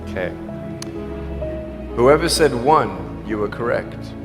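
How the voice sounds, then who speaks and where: A man's voice: medium pitch, slow, big-room sound, over music. A man giving an emotional motivational speech to students, telling stories and acting out dialogue. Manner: emotional, pleading, animated storytelling with acted-out dialogue. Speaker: motivational speaker. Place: school hall or auditorium.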